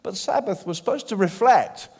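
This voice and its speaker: A man preaching a sermon in church, animated and acting out the voices of people he quotes. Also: high voice, moderate pace, husky. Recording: long hall reverb.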